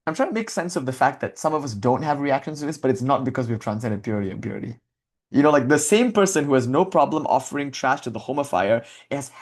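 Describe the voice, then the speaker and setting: A man's voice: fairly high pitch, darkish tone. A man giving a reflective spiritual talk in a conversational, self-questioning way, thinking aloud as he goes. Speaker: spiritual teacher.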